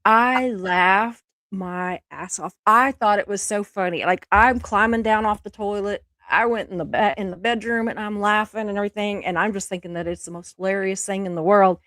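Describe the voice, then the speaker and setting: A woman co-hosting a casual chat show, telling a story in a drawn-out, playful way and quoting people in a low voice. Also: a bit bright, no room sound. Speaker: co-host.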